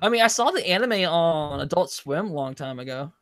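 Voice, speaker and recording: Man co-host, hesitant rambler, higher voice, dry mic. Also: lively intonation, fairly quick, fairly bright tone, no room sound. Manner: rambling, hesitant, many fillers. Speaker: podcast co-host. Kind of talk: casual live-show banter.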